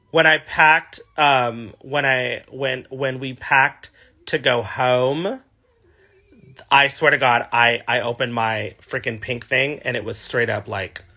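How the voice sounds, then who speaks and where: A man's voice: mid-range voice, pushed and bright. A man in his thirties chatting casually on a livestream, answering fan questions with a gushing, sassy manner. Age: 30s.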